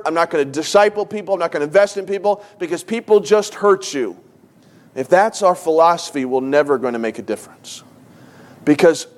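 A middle-aged man, a pastor, preaching a sermon with earnest, emotional storytelling and repeated phrases for emphasis. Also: medium pitch. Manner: emotional storytelling, tearful at times.

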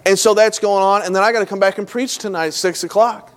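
A middle-aged man preaching a sermon, telling a story about himself and acting out both sides of the dialogue in an animated way. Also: high-pitched, fast. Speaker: pastor. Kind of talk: sermon with acted illustrations.

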